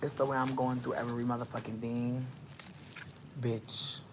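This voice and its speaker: A vlogger unloads a story to camera from home, swearing freely and lurching between low muttering and loud, excited bursts. The voice sits in a middle register, and a faint background noise sits under it. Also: normal speed. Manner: profane, heavy swearing. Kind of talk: casual rant to camera. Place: indoors, at home near a window.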